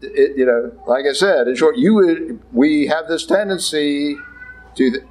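A man with a fairly high voice preaching in a church. He talks plainly and bluntly, like a conversation, and slips into other voices for the people he quotes. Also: a little slow, darkish tone, poor audio. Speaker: Catholic priest. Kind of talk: sermon.

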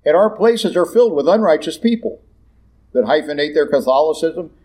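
A male preacher delivers his sermon bluntly, in plain conversational speech with slangy asides. His voice is a little high for a man but mellow and warm. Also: animated, fairly quick, rough recording.

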